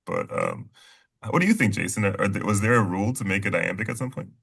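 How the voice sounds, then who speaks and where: A man's voice: fairly low pitch, wildly swooping pitch, fast talker, vocal fry, fairly bright tone, breathy edge. A man on a podcast, speaking in a hesitant, tentative way in casual chat. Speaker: podcast co-host.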